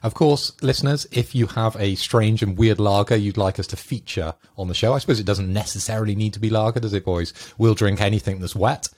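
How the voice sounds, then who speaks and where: A man's voice: on the low side, brisk, hardly any pauses, a little mellow. A man co-hosting a casual podcast, dry and teasing. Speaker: podcast co-host. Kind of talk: casual chat.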